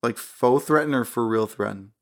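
Woman with a super low voice cohosting a podcast, laughing a lot, tossing in dry little jokes. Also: moderate pace. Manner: laughs often, dry quips and short interjections. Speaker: podcast co-host. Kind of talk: casual chat.

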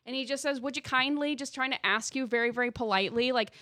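Young woman podcast co-host, bright and dry, gushing casual chatter. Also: a little high, quick pace, no echo. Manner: enthusiastic, gushing, lots of fillers. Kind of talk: casual chat.

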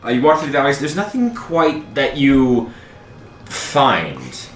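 A man running a tabletop game as game master, narrating in a relaxed, rambling way with many fillers. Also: medium pitch, takes it slowly, recorded from a distance, slight background noise. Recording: echoey room, off-mic, faint music.

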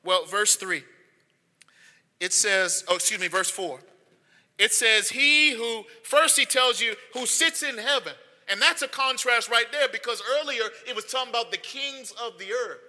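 Pastor, male, piercingly bright tone, conversational sermon building to emphatic repeats, reverberant sanctuary. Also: extremely high pitch. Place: church sanctuary. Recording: long hall reverb.

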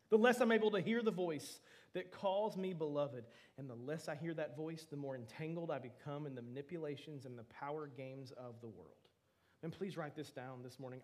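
A young man preaches to his congregation with an earnest, emphatic delivery. His voice sits fairly high for a man, and he keeps dropping in "man" as he pushes his point home. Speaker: pastor. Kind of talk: sermon.

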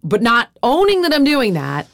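A middle-aged woman hosts a podcast, talking candidly and confessionally about personal matters, saying "like" often and swearing freely. Her voice is on the high side, with wildly swooping pitch, vocal fry, and a slightly bright quality at a moderate pace. There's slight background noise.

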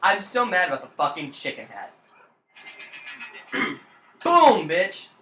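A man co-hosting a casual gaming podcast, teasing his friend, swearing often and breaking into loud laughter. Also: fairly high pitch, very animated, measured pace. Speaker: podcast co-host. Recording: echoey room, faint noise.

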